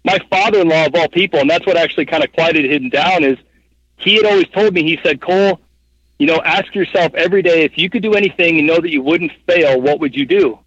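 A man's voice: a little high, fast, dry recording, highs cut off. Rambling chatty man in his thirties. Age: 30s. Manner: rambling, animated, heavy with fillers like "like" and "you know what I mean". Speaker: guest, hunting guide and cameraman. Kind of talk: casual storytelling interview.

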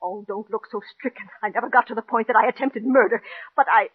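An actress playing a neurotic, jealous middle-aged wife who pleads in an overwrought, breathless way, acted in 1940s radio-drama style. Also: female voice, a little high, fast talker, breathy edge. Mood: desperate. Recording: tinny old radio broadcast.

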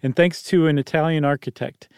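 A man's voice: fairly high pitch, fairly even intonation, fairly quick, darkish tone, clean tone, no echo. Brief: laid-back male podcast host on a studio mic, rambling explainer, dry close sound. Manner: easygoing, rambling, self-interrupting. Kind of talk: casual explanatory chat.

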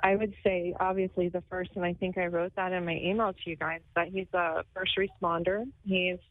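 A woman's voice: on the low side, little pitch movement, normal speed. A woman calling in to a radio show, emotional and laughing through tears as she talks. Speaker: caller. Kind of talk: phone call to a radio show. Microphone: phone. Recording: tinny phone line.

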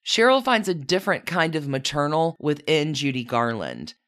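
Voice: mid-range voice, big pitch swings, normal speed, fairly bright tone. Podcast host telling an old hollywood crime story, voice swings up and down a lot, chatty little asides. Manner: chatty, with wry personal asides. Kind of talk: casual true-crime storytelling.

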